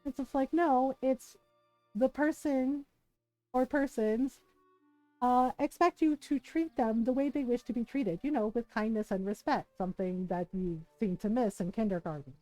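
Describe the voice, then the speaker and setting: Woman streamer chatting over a game, kinda high mellow voice, dry close mic, sarcastic storytelling. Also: normal speed, no echo, faint music behind, rough recording. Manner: animated, sarcastic, laughs often between sentences. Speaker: live streamer. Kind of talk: casual storytelling chat.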